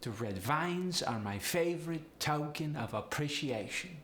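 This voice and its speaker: A measured Polish-accented speaker, as a man puts it on, placing the voice forward and letting phrases tip upward at the end. The sentences come slowly and evenly, with a sharp, bright tone that rings in a roomy space. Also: fairly high pitch, slight background noise, voice pushed up. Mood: demonstrating. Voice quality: forward-placed resonance, rising inflection. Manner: slow, even, deliberate example sentences. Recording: roomy echo.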